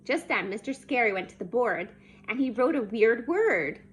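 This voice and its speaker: A woman reading a children's chapter book aloud in a lively, expressive way. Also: fairly high pitch, moderate pace. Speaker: storybook reader.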